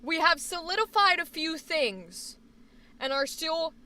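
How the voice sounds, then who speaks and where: A young woman chats on her live stream in a high, bright voice, rambling from one thought to the next. She swears freely and bursts out loudly now and then. Her voice comes from a little away from the microphone. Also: unhurried, far from the mic. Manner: rambling, profane, animated with sudden outbursts. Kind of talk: casual live-stream chat.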